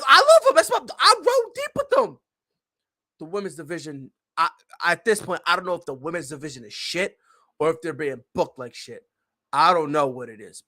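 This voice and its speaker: A man's voice: high voice, bright, forceful tone. A man hosting a podcast, ranting in a casual, heated and profane way with lots of swearing. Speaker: podcast host.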